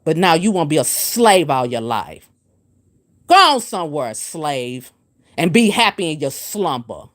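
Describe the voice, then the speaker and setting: A woman hosts a spiritual livestream. She scolds and preaches at a commenter, hammering her points with repetition. Her pitch swoops from low and firm to high and emphatic. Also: big pitch swings, measured pace. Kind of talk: livestream rant answering comments.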